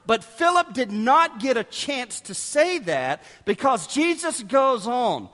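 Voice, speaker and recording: A male preacher with a high, lively voice delivers a sermon in a church hall. He tells stories animatedly and acts out the quoted lines. His voice rings with a long echo. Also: slow, hardly any pauses. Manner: animated storytelling, acting out quotes. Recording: echoey hall.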